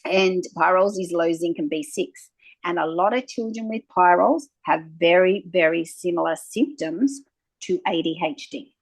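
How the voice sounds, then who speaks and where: Gravelly-voiced woman, animated storyteller. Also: on the low side, moderate pace, no room sound, rough recording. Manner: animated storyteller, acting out quoted exchanges. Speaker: naturopath guest. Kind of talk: conversational interview.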